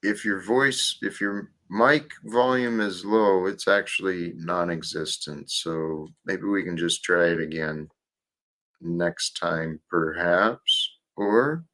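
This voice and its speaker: A man's voice: sits low, slow, a bit bright. A man hosting a livestream, talking casually and reflectively about faith and life, with some restarts. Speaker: livestream host.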